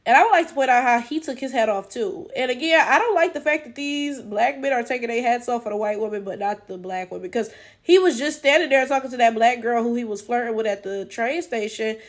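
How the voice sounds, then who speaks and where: Blunt, incredulous high-voiced woman. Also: fairly quick. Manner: blunt, profane, incredulous, rhetorical. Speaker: reaction channel host. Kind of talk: casual reaction commentary.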